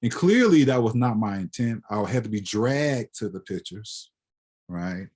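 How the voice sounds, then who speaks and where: Husky-voiced man lecturing conversationally. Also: on the low side, expressive, measured pace, a little mellow. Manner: conversational, often ends with "right?". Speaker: guest lecturer, photographer. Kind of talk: reflective lecture. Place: lecture hall.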